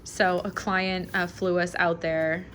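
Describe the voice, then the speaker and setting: A woman's voice: lowish voice, level tone, slow, a little hiss or hum. Chatty young woman vlogging at home. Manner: chatty, giggly, filler-heavy, drops to soft murmurs. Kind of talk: casual vlog chat.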